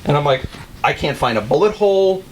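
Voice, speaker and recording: A man telling a hunting story in casual chat, animated and laughing often as he acts out what people said. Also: fairly high pitch, fairly quick, a little hiss or hum.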